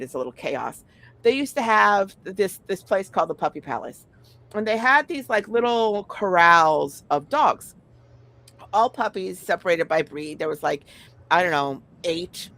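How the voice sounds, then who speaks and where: Middle-aged woman, gravelly mid-pitched voice, blunt and profane, sighs a lot, casual chat. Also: fairly bright tone.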